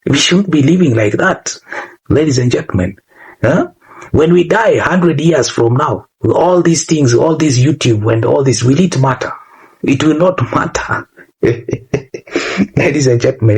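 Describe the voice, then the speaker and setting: A man's voice: on the high side, animated, a little slow, creaky, husky. A man with a Kenyan accent, talking to his YouTube audience in a preachy monologue that keeps repeating phrases and asking "huh?". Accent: Kenyan English. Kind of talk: casual monologue to camera.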